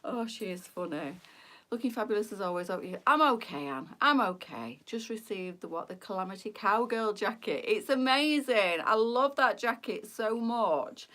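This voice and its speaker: A woman's voice: mid-range voice, expressive, moderate pace, bright, forceful tone, far from the mic. A British woman hosting a boutique live stream, chatting casually and wandering off on tangents.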